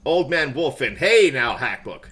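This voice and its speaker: A man's voice: medium pitch, big pitch swings, a little slow, a bit bright. A middle-aged man chatting casually on a live stream, self-mocking and laughing often.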